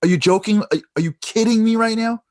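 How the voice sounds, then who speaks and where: A man's voice: a little slow, slightly rough. A man voicing a desperate middle-aged business owner, anguished and disbelieving. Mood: incredulous. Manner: anguished, then shrill and disbelieving.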